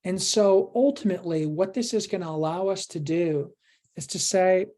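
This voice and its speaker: A woman presents an online workshop in a low-pitched voice. Her tone is mellow and warm, and she coaches earnestly, asking the audience question after question. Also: moderate pace.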